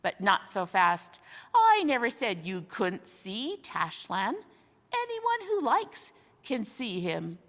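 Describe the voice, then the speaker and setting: A woman's voice: mid-range voice, wildly swooping pitch, slow, fairly bright tone, exaggerated voice. A woman doing a sly jeering male ape. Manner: mocking, sly, bossy. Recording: long hall reverb.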